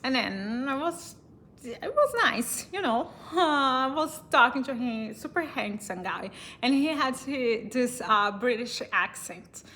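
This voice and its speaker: A woman's voice: fairly high pitch, expressive, unhurried, bright, forceful tone, a little hiss or hum. A woman from Brazil with a Brazilian accent, casually telling a personal story in English, chatty and laughing often between fillers and restarts.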